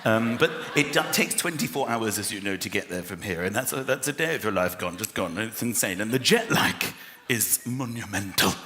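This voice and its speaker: A man performing an animated, exasperated stand-up routine on a theatre stage. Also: fairly low pitch, moderate pace, roomy sound, slight background noise. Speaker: stand-up comedian. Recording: live theatre with roaring crowd.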